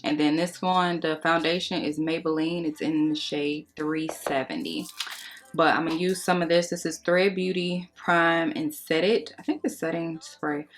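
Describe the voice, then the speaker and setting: A young woman with a low voice chats at a moderate pace while doing her makeup for a beauty vlog. It's a casual storytime, chatty and gossipy, with plenty of slang and expressiveness.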